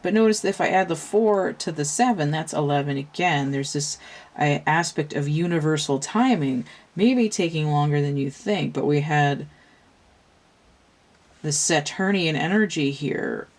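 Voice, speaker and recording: A woman with a low, deep voice reads tarot cards in a casual, unscripted way. She thinks aloud as she goes, wandering and restarting her sentences. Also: moderate pace. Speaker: tarot reader. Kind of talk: casual tarot reading talk.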